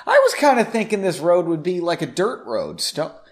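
A man's voice: high-pitched, wildly swooping pitch, moderate pace. A man hosting a podcast in a home basement studio, reading his own story aloud and breaking off for joking, self-deprecating asides.

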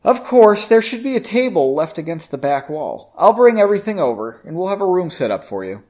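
Big jovial barkeep, a male narrator's put-on voice, high, loud and hearty. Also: very animated, brisk. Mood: friendly. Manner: hearty, booming.

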